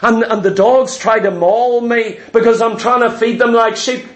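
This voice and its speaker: Guy preaching a sermon, voice way up high, lots of do-you-know questions, slows down to punch words. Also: steady tone. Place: church.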